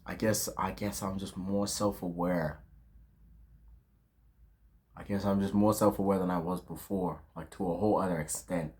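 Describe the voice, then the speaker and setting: A man's voice: deep voice, fairly even intonation, moderate pace, long pauses, darkish tone. A man of twenty in a casual, reflective vlog monologue, full of slang and fillers, talking outdoors at dusk. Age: 20s. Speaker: vlogger.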